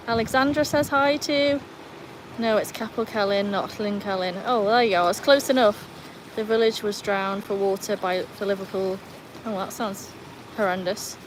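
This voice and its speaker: Chatty woman livestreaming by her pool. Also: background noise. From Wales. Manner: chatty, scolds and cheers the dogs in a high sing-song. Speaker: livestream host. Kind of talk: casual livestream chat with viewers. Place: outdoors by a backyard pool.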